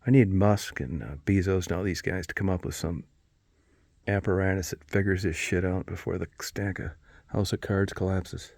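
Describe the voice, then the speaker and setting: A middle-aged man with a fairly low voice rambles through a casual vlog. He swears freely and mocks himself with a dry, wry edge, drifting between grumbling and musing. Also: steady tone, moderate pace, creaky, darkish tone, no room sound. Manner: profane, wry, self-mocking rant. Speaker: vlogger.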